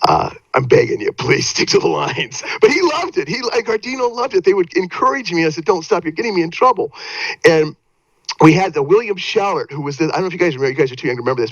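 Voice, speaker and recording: An older man telling showbiz stories as a guest, vivid and lively, often tripping over his own restarts. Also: on the high side, no room sound. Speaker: guest actor. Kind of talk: animated anecdote storytelling. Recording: dry, slightly dull audio.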